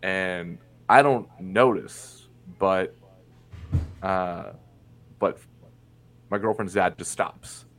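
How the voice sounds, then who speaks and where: A young man from Indiana, a podcast guest, tells a personal story in conversation, candid and blunt, swearing freely. His voice is low and a bit bright, very slow, with frequent pauses.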